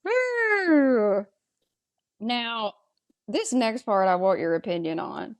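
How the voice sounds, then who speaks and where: Speaking a little slowly with vocal fry, this medium-pitched woman co-hosts a podcast. She recaps a TV episode casually, voicing strong opinions and asking her co-host what they think.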